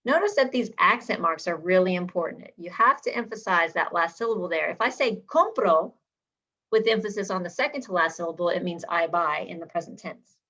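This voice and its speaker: A woman teaching a Spanish lesson, drilling verb endings slowly and clearly for learners to repeat. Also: on the low side, pushed and bright. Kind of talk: language lesson. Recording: slightly dull lo-fi sound.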